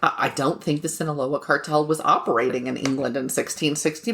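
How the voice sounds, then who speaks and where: Woman, podcast co-host, casual storytelling, lively swinging pitch, jokey. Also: a little fast, creaky. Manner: chatty, laughing, swears casually, jokes about pronunciation.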